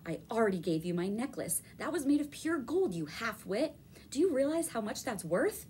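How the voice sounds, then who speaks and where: Brief: shrill, loud, whiny young woman in tears, read by a woman. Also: huge pitch swings, normal speed, slight background noise. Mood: indignant. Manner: wailing and pleading.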